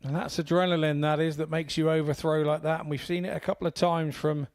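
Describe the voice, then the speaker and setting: A man's voice: fairly high pitch, flat delivery, quick pace, darkish tone, dry recording. A man co-commentating on darts, jokey, with advice on the players' mindset. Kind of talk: live sports commentary.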